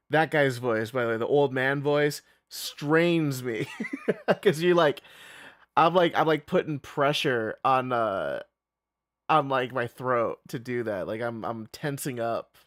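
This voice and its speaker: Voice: mid-range voice, expressive, measured pace, dry recording. Rambling, chatty game streamer. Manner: rambling, chatty, swears, laughs often. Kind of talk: casual gaming stream commentary.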